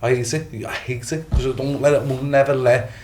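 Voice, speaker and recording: Fast-talking Liverpool man. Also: medium pitch, fairly even intonation, a little mellow, a little hiss or hum. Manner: rambling, swears often, fast bursts. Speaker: boxer guest. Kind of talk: casual chat.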